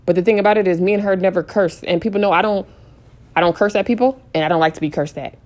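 A woman chats through a casual storytime, retelling a back-and-forth with a friend. She talks in an animated, looping way, stumbling over restarts and circling back to "I was like." Her voice sits at an ordinary middle pitch for a woman. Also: fast talker. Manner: frequent restarts and repeated phrases. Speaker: vlogger.

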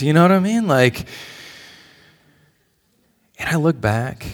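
Animated man preaching a sermon. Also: fairly high pitch, takes it slowly, pauses often. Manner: conversational, animated, swings loud and soft. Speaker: pastor. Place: church.

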